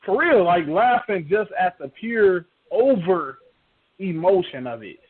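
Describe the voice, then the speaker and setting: High-voiced man on a tinny line. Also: animated, measured pace, slightly rough. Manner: rambling and emphatic, many fillers and restarts. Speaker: sports talk podcast host. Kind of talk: casual sports banter. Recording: tinny phone-like podcast audio.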